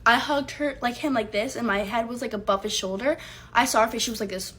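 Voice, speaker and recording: A young woman with a fairly high voice tells a storytime straight to camera. She is heated and emphatic, swears freely, and acts out her own lines as she goes. A faint hiss sits under her voice. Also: fast talker, a bit bright. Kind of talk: casual storytime.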